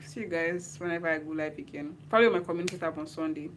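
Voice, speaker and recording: A young Nigerian woman talks to her live-stream viewers in a loose, rambling way, excitable even though she is tired late at night. Her voice sits fairly low for a woman, and a faint hiss runs under it. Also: rapid-fire, hardly any pauses, rough recording. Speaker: YouTuber hosting a live stream. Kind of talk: casual live-stream chat.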